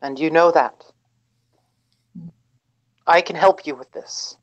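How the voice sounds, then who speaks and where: A tabletop player voicing a scrappy, defiant goblin servant in a calm, plain voice. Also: medium pitch, slow pace, close to an everyday voice, low-quality recording. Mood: coaxing. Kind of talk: tabletop role-play voice.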